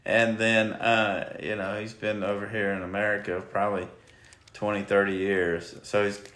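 A man's voice: on the low side, level tone, normal speed, a bit bright. A man hosting a podcast in casual chat, laid-back and joking. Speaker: podcast host. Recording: echoey room.

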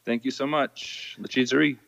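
A man's voice: mid-range voice, fairly even intonation, normal speed, gravelly, fairly bright tone, big-room sound, highs cut off. A man as a podcast guest answering in short, easygoing replies. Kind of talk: casual interview chat.

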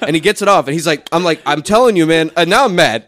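A young man telling a funny story in casual chat, animated, laughing often and acting out what people said. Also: high-pitched, rapid-fire, hardly any pauses, dry recording.

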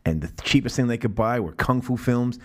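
A man's voice: mid-range voice, a little fast. A man hosting a podcast, talking casually and animatedly about movies, swearing and laughing often. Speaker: podcast host. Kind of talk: casual film discussion.

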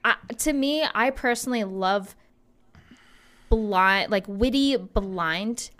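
A woman's voice: mid-range voice, animated, slow, fairly bright tone. A woman co-hosting a podcast in casual chat, talking loosely with lots of "like" fillers. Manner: chatty, heavy on "like" fillers. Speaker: podcast co-host.

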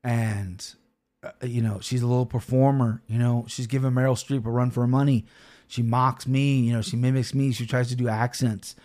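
A man in his thirties hosting a podcast in a casual, rambling monologue, swearing often and full of fillers and restarts, soft and emotional at times. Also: mid-range voice, fairly even intonation, normal speed. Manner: soft and emotional when talking about his daughter. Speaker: podcast host.

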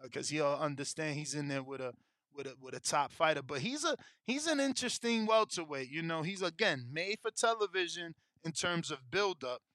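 A man rants about boxing in loose, slang-heavy talk full of swearing. His voice sits high and comes across bright and forceful. The sound is dry and close, with no room around it. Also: lively intonation, a little fast, dry recording. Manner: profane, emotional slangy ranting. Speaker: boxing show host. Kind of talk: casual chat about betting and fights.

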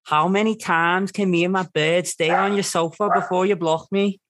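Guy doing a cheeky scouse lad, put-on accent, pitched up, dry sound. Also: steady tone, normal speed, a bit bright, no room sound. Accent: put-on Liverpool Scouse. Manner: playful, exaggerated put-on accent. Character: cheeky Scouse man asking to crash on a sofa. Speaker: host's roommate reading a listener question.

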